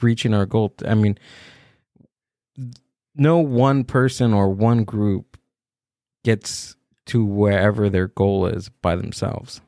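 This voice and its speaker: A man's voice: fairly low pitch, fairly even intonation, takes it slowly, dark tone, no room sound, studio quality. A man hosting a podcast, chatting casually and reflectively with his guest. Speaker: podcast host. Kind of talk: casual interview chat.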